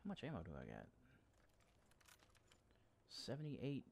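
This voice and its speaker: A man's voice: medium pitch, wildly swooping pitch, a little slow, vocal fry, a little mellow, a little hiss or hum. A young man giving casual, joking commentary while he plays a horror game at home, swearing now and then and talking to the enemies. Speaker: gameplay streamer. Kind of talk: casual let's-play commentary. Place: home room.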